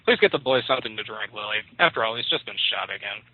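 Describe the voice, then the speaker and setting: A gruff, domineering warrior father who grunts and barks orders at his family, as a male storyteller voices him. The voice comes over a tinny, phone-like line. There is no room sound. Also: fairly low pitch, animated, quick pace, no room sound. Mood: stern. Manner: gruff, bossy.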